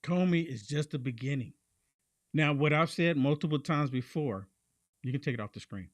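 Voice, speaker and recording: A man's voice: on the high side, lively intonation, normal speed, no room sound. A man hosting a political commentary show, talking emphatically and repeating lines for punch.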